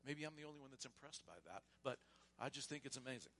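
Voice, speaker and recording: In a church sanctuary, a male pastor leads a membership service loosely and casually, warm in manner and frequently restarting his sentences, then reads the vows and creed aloud in a measured voice. His voice is mid-range and animated.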